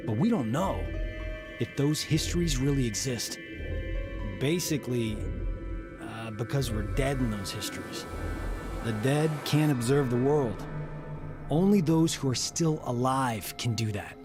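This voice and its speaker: A man's voice: mid-range voice, animated, measured pace, long pauses, music in the background, natural voice. An actor voicing an easygoing young man in a game who talks casually and sums things up. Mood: thoughtful.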